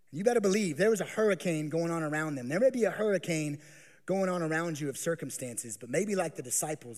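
A male pastor preaching a sermon, swinging from hushed, slow lines to loud, pleading acted voices. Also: fairly high pitch.

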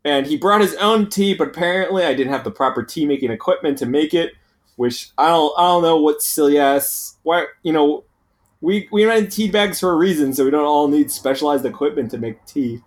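A man's voice: a little high, brisk. A man co-hosting a podcast, telling rambling, complaining stories in casual chat. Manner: rambling, complaining, animated storytelling. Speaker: podcast co-host.

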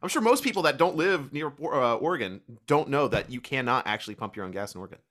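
Lively Kentucky man telling stories. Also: medium pitch, fast talker. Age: 20s. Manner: animated storytelling, laughs often. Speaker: podcast co-host. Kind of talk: casual chat.

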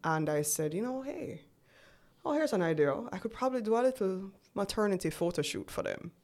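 A woman's voice: mid-range voice, animated, fairly quick, darkish tone. A woman in her forties, a guest on an interview show, telling her story in a chatty way and acting out remembered conversations. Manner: chatty, acts out remembered dialogue. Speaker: guest entrepreneur.

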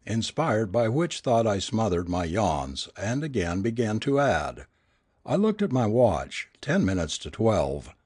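A man narrating a first-person ghost story aloud, in an expressive, dramatic reading style. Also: fairly low pitch, breathy edge, dry recording, studio quality.

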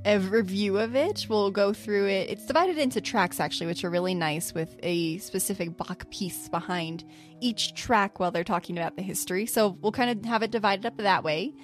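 A woman's voice: mid-range voice, moderate pace, faint music behind. A woman co-hosting a podcast, chatting casually and laughing often as she retells a story. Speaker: podcast co-host. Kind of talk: casual podcast review chat.

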